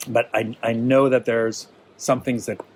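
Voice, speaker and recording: A man's voice: medium pitch, little pitch movement, unhurried, a little hiss or hum, rough recording. A man leading a workshop in an easygoing, encouraging way, often checking in with his listeners. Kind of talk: informal teaching talk to a small group.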